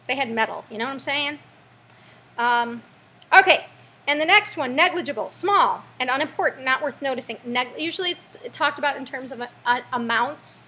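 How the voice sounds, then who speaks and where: Playful, bright-voiced American teacher woman. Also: high voice, moderate pace, a little hiss or hum. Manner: playful, jokey asides. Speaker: English teacher. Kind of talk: vocabulary lesson video.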